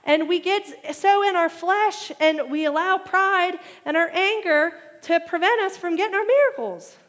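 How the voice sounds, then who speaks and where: A woman preaching a sermon, animated and getting loud when she makes her main points. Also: very high-pitched, unhurried. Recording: long hall reverb.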